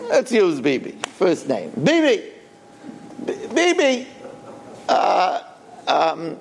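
A man's voice: high-pitched, creaky. An older man, a rabbi, telling a story in a sermon and acting out the quoted dialogue with animation.

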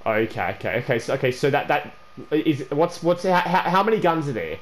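A man's voice: fairly high pitch, lively intonation, fairly quick, a little hiss or hum. A young man, a gaming YouTuber, chatting casually during an online trade prank, stammering and repeating himself and calling the other player "bro" and "man".

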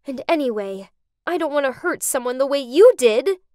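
A woman's voice: high voice, animated, moderate pace, darkish tone, no echo, clean studio sound. A woman voicing Tracy, a heated young woman. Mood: earnest. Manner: emphatic and heated. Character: outspoken young woman, indignant and principled.

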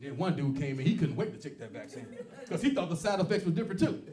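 A man doing a stand-up comedy set, telling loud, animated stories and acting out the people in them. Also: a little high, quick pace. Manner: loud animated storytelling with acted-out quotes. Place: comedy club stage. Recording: roomy club sound from a distance with loud crowd laughter. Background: audience laughing.

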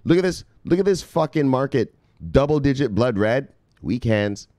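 A man hosting a video, giving his viewers a fired-up, profane pep talk and repeatedly shouting "bang". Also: medium pitch, animated, moderate pace, dry recording, clean studio sound. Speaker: crypto video host. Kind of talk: hyped pep-talk vlog.

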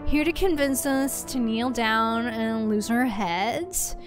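A woman's voice: high-pitched, lively intonation, a little slow, over music. A woman voicing a dismissive young woman guard captain in a game, with a valley girl drawl and lots of "like". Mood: mocking. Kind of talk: reading game dialogue aloud in character.

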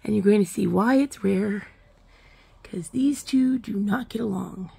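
A woman's voice: mid-range voice, measured pace, creaky, dark tone, husky. A woman filming her cats on a phone, chatting to them affectionately in a casual pet vlog. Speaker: vlogger.

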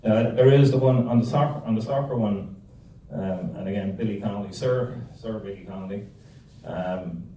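A deep-voiced man rambles through jokes and anecdotes for a club audience. His voice is dark and sits low, picked up from far off in a very echoey meeting room with a faint background hum. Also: normal speed, few pauses, dull audio. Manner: rambling, joke-telling, self-interrupting. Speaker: guest speaker. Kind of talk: humorous talk to a club. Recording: echoey room, distant mic.

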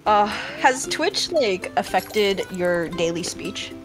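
A young woman chatting casually as a guest streamer while playing a game, excitable and quick to laugh and shriek. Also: medium pitch. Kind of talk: casual gameplay chat. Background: game music.

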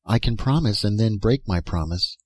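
A man reading aloud and voicing a gentle, mournful young woman from a dream world, speaking tenderly and softly. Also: lowish voice, lively intonation, normal speed, slightly rough, dry recording. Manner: tender, soft-spoken pleading.

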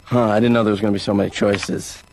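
A man voicing a deadpan slacker son. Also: on the low side, quick pace, a little hiss or hum, lightly acted. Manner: deadpan, flat, sarcastic. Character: deadpan, idle adult son of the therapist. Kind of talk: dry animated sitcom dialogue.

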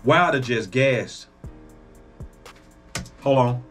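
A man hosting a reaction video, talking casually, excitable and profane, exclaiming often. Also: medium pitch, drawn-out words, faint music behind.

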